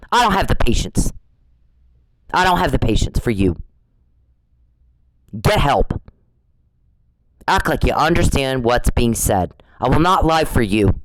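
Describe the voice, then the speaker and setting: Guy ranting on a podcast, scolding, says the same thing again and again, mid pitch. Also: no room sound, poor audio. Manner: repetitive, scolding, commanding. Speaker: podcast host. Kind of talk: angry monologue rant.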